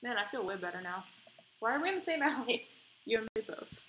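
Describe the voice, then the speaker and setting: Swearing, animated woman gamer. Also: on the high side, quick pace, slight background noise, low-quality recording. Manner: animated, swears freely, indignant outbursts. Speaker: gamer playing a dating game. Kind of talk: let's play commentary and reading aloud.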